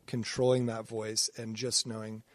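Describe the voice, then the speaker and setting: A man's voice: on the low side, level tone, normal speed, dry recording. A man from Nebraska, a podcast guest, talking reflectively in a casual interview with many ums and restarts.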